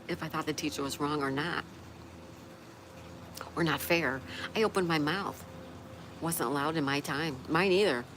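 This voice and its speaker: A woman's voice: deep voice, normal speed, pauses often. A woman hosting a casual livestream, reading viewer comments aloud and chatting back with a laugh. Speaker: livestream host reading chat. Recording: noticeable background noise.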